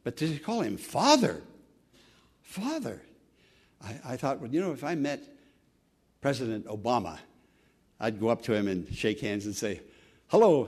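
A man's voice: mid-range voice, a little mellow, breathy edge. A man preaching an earnest sermon, building to emphatic exclamations. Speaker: pastor.

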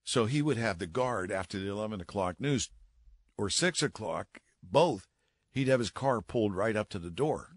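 Lively storytelling veteran broadcaster man. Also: on the low side, moderate pace, breathy edge, dry recording, studio quality. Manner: lively anecdote-teller who acts out voices. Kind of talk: animated storytelling.

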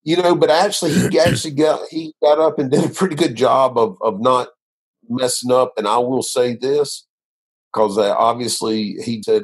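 Husky man telling his testimony. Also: medium pitch, steady tone, normal speed. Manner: earnest, rambling storytelling with many restarts. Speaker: minister sharing his testimony. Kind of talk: conversational interview.

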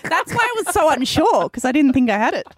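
A woman's voice: sits high, big pitch swings, fast talker, no echo. A woman co-hosting a radio show, wry and self-deprecating while playing a song quiz. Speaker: co-host and quiz contestant. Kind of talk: casual radio banter. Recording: music playing underneath.

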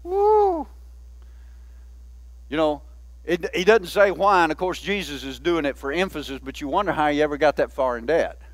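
A man's voice: on the high side, brisk, no room sound. A man, a pastor, preaching a sermon in a folksy, conversational way with many asides to the church.

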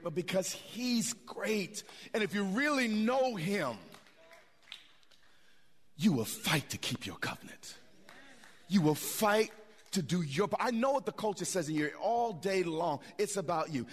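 Man pastor preaching, lively rising and falling voice, slightly high, middle-aged, talks back to the congregation. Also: a little slow. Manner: animated preaching with repetitions and asides to the congregation. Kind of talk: sermon.

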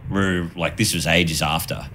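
A man's voice: low voice, a little slow, slight background noise. A man telling casual stories on a podcast, laughing often and acting out the people he quotes. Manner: animated, laughs often, acts out quoted voices. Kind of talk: casual storytelling chat.

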